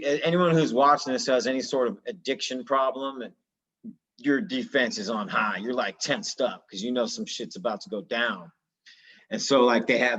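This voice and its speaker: A man's voice: medium pitch, a bit bright, lo-fi sound. A man in his thirties candidly telling his own story in a casual, slangy, earnest way. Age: 30s.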